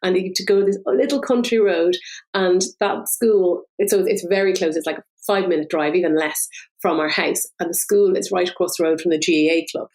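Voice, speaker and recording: A middle-aged Irish woman from Dublin, a podcast guest telling lively stories in a casual chat. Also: on the low side, poor audio. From Ireland. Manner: lively, animated storytelling with quick asides.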